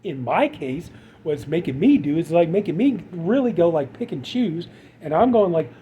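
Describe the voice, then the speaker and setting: Exasperated, high-voiced man ranting casually. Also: expressive, normal speed, mellow, highs cut off, slight background noise. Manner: rambling, exasperated, many fillers. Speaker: channel host. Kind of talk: casual vlog rant.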